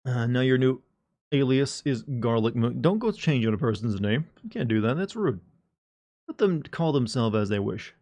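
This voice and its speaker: A man's voice: mid-range voice, animated, moderate pace, darkish tone. A man chatting casually to his live-stream audience, joking and rambling with frequent restarts. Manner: joking, rambling, talks to chat.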